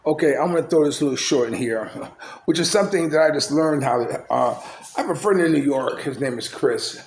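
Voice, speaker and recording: A man's voice: on the high side, a little fast, a little hiss or hum. An older man vlogging in a casual, rambling way, chuckling often and leaning heavily on "you know" fillers. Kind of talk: casual vlog commentary. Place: small outdoor hangout spot after tennis.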